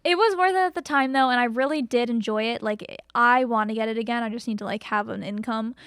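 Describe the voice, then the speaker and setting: Young woman co-host, high voice, dry close sound, animated storyteller. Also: fast, clean tone, no room sound. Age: 20s. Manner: animated, acts out quotes with big pitch jumps. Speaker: podcast co-host. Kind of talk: casual storytelling chat.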